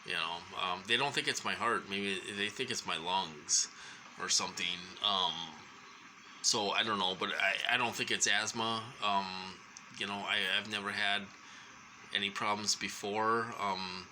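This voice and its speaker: A man telling a rambling personal story to the camera, halting and full of ums and restarts. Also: fairly low pitch, fairly even intonation, sharp tone, slight background noise, rough recording. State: short of breath at times.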